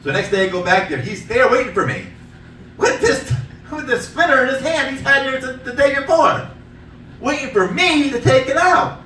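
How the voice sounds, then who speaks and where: A man performing a stand-up comedy set in a small theater, telling stories loudly and laughing at his own jokes. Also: very high voice, normal speed, a little hiss or hum. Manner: loud, animated storytelling, laughing at own jokes. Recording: echoey room, mic from a distance.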